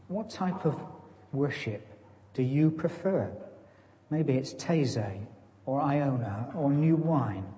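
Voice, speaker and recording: A man's voice: mid-range voice, dark tone, a little hiss or hum. A man preaching a sermon, conversational and self-deprecating. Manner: conversational, self-deprecating, plays farmer joke. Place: church. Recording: long church reverb.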